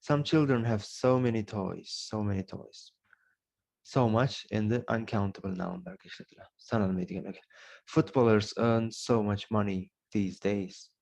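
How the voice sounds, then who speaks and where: A man with a fairly low voice and an Uzbek accent teaches English grammar. He explains slowly and patiently, repeating each example sentence and then translating it. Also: vocal fry, a little mellow.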